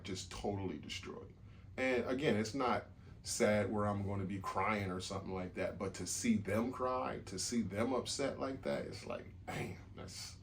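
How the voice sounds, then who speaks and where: A man's voice: lowish voice, slight background noise. A man co-hosting a podcast, talking casually in a rambling way, repeating himself and swearing now and then. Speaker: podcast co-host. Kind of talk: casual chat.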